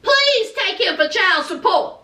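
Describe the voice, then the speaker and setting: A woman's voice: extremely high pitch, very animated, unhurried, pushed and bright, reverberant, recorded from a distance. A woman recapping a reality TV episode in a sassy, dramatic, scolding way, full of slang. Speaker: TV recap vlogger.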